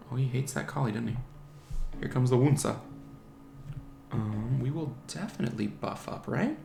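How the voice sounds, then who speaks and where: A man's voice: mid-range voice, creaky, darkish tone. A man giving casual commentary on his own online game match, chatting strategy aloud and teasing the opposing monsters. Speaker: gaming channel host. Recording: roomy home recording with faint music.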